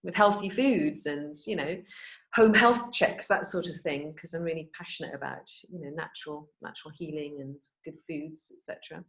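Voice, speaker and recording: A woman with a Welsh accent, an experienced housesitter, chatting casually on a video call, laughing often and trailing off softly. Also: low-pitched, moderate pace. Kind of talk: casual group video chat.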